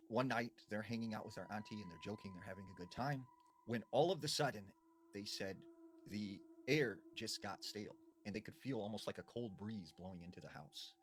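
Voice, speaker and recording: A man telling a creepy folk legend in a hushed, dramatic way, often filling with "you know". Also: lowish voice, slight background noise. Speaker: storyteller. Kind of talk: spooky storytelling.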